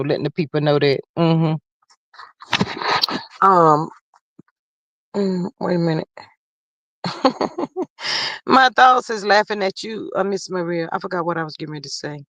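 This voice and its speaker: A woman's voice: medium pitch, a bit bright, dry recording. A woman hosting a casual live stream, talking straight to her viewers and reading out the chat in a folksy, chatty way.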